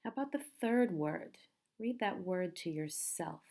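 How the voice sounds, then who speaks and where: A woman teaching a pronunciation lesson, speaking slowly and patiently and repeating each word carefully. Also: lowish voice, lively intonation, creaky, darkish tone.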